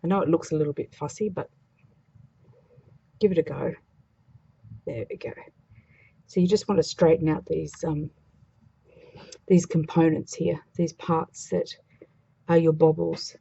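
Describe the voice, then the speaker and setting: A woman's voice: low voice, steady tone, a little slow, vocal fry, long pauses, warm tone, husky, lo-fi sound. A woman demonstrating a craft project in a chatty, casual way, thinking aloud as she works. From Australia.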